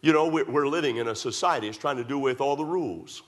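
A man preaching a sermon, emphatic and repetitive, rising to loud pleas and dropping to quiet asides. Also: medium pitch, fast. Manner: emphatic, repetitive, swings between loud pleading and hushed asides. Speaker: pastor.

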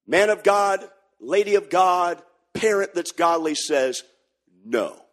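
Preacher guy, high voice, hollers then goes quiet, sing-songy sermon. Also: unhurried. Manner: shouting, sing-song preaching with sudden drops to a hush.

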